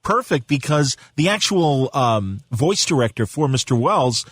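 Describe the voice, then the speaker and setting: A man's voice: medium pitch, sing-song, unhurried, fairly bright tone, slightly rough, dry recording, clean studio sound. A man hosting an interview, chatting enthusiastically and conversationally with his guest. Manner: enthusiastic, conversational, laughs often. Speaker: podcast host. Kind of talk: casual interview chat.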